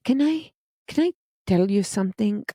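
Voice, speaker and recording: A woman voicing her female life coach, gentle but direct as she talks. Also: mid-range voice, lively intonation, moderate pace, dry recording, studio quality, close to an everyday voice. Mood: frank, gentle.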